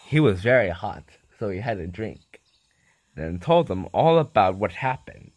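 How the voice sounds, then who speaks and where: A man's voice: fairly low pitch, a little slow, breathy edge, no room sound. Man reading a children's story. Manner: animated read-aloud.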